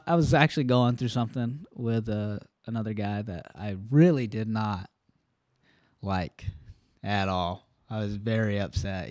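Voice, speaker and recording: Earnest, rambling man with a low, dark voice. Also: dry recording, studio quality. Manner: earnest, rambling with many fillers. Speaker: podcast co-host. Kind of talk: casual faith talk.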